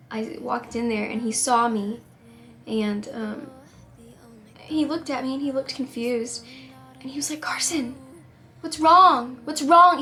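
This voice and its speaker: A woman tells a painful personal story to camera, tearful and on the edge of crying, in halting, rambling sentences full of restarts. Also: fairly high pitch, slight background noise. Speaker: singer-songwriter vlogger.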